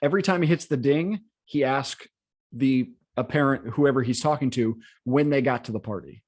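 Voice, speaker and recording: A man's voice: medium pitch, normal speed, a little mellow. Southern man, podcast co-host, rambling casual talk, laughs easily. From American South. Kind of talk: casual chat.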